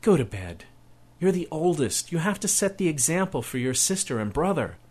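A man's voice: fairly high pitch, sing-song, normal speed, darkish tone, slightly rough, voice pushed up. A man reading aloud and voicing a tired mother who scolds her son firmly but lovingly. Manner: firm, scolding, tender underneath.

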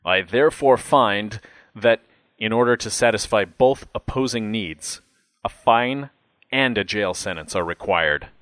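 A man voicing a stern elderly male judge, speaking in a formal, measured way. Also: fairly low pitch, fairly bright tone, dry recording, low-quality recording.

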